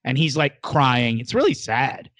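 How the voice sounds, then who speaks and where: Male podcast host, lively retelling, dry close sound. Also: medium pitch, measured pace, no echo. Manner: animated storyteller, acts out characters' lines. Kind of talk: casual chat recapping a TV episode.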